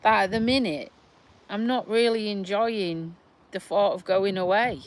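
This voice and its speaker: Chatting casually on a livestream in her back garden, a middle-aged vlogger from Lincolnshire, England speaks in a mid-range voice tinged with a South Yorkshire twang. She's slow and rambling, sighing often as she replies to what viewers write.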